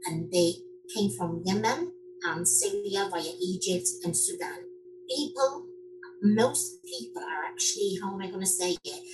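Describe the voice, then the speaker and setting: A middle-aged woman from Morocco, a dance teacher talking casually in an interview, animated and full of fillers and restarts. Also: lowish voice, rough recording.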